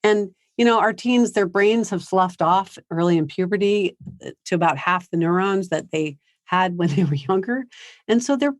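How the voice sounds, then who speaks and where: Speaking at medium pitch and normal speed, a woman leads a high school parenting seminar in a conversational style, voicing both teens and parents. The clean studio recording has no room sound.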